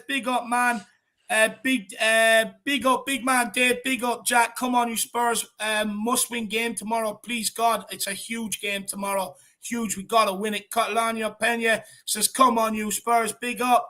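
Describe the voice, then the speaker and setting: A man hosting a casual livestream chat, reading out viewer messages with animated energy. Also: very high-pitched, unhurried. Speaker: host of fan channel.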